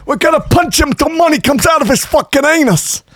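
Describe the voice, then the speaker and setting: A man putting on a fiery old male politician, shouting and ranting at a much higher pitch than his own voice. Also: animated, a little fast, no room sound, studio quality. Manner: bellowing, ranting.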